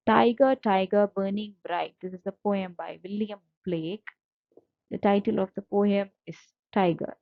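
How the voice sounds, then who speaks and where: Slow, patient woman teaching a lesson. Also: medium pitch, gravelly, no echo. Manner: slow, patient, repeats key terms. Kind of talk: slide-based literature lecture. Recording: dull lo-fi dry recording.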